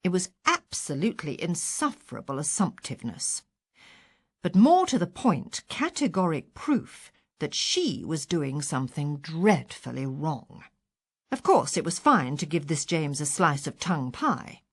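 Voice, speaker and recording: A woman reading a first-person short story aloud with a wry, expressive delivery. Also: low voice, unhurried, slightly rough, no room sound. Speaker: audiobook reader.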